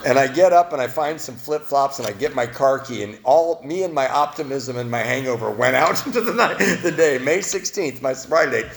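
Gravelly, animated man telling his story. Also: brisk, hardly any pauses, slight background noise. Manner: self-mocking storyteller, laughing at his own past; swings between loud animated bits and low quiet confession. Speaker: speaker sharing his recovery story. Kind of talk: personal testimony at a recovery meeting.

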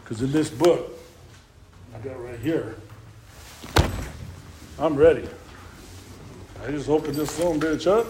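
A middle-aged man speaks in a meeting room, telling his own recovery story to the group. His voice sits a bit high, and he talks emphatically, rising loud and then dropping to a hush, with a faint hiss behind him. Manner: emphatic, swinging from loud to hushed, peppered with "you know". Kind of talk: personal testimony talk.

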